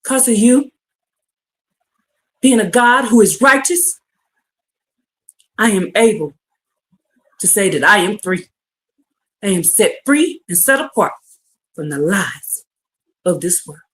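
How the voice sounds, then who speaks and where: A woman preaching a livestreamed sermon, fervent and building to shouted exhortation. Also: mid-range voice, lively intonation, slow, long pauses.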